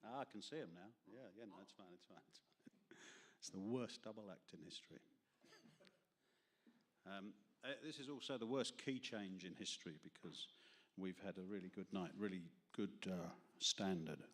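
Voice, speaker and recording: A man's voice: low-pitched, moderate pace, fairly bright tone. Rambling London man doing stand-up. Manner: self-deprecating, rambling, laughs at own jokes. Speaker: open mic performer. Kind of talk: stand-up comedy and poetry reading. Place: small studio with live audience.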